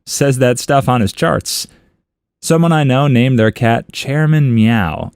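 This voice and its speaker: A man reads online comments aloud for a story channel, playful and amused. His mid-pitched voice swings up and down with a lot of life. The sound is dry and close, with no room around it. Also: a little mellow, no echo.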